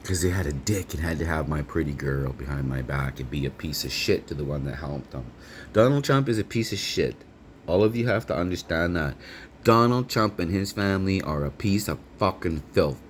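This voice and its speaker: Deep-voiced man ranting profanely. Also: fairly quick, a little hiss or hum. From Canada. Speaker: vlogger. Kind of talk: rambling monologue to camera.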